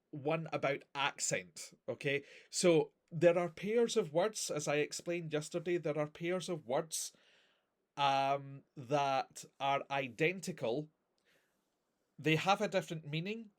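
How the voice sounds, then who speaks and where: Slow, patient male language teacher. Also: on the high side. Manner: patient, explains slowly with examples and repeated okay checks. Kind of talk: recorded grammar lesson.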